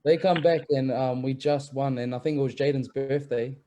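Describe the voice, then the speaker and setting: A young man tells stories in a relaxed, easygoing way, swearing freely and laughing as he goes. His voice sits at an ordinary pitch with a mellow, warm tone. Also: moderate pace, a little hiss or hum. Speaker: rugby league player, guest. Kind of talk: casual chat, storytelling.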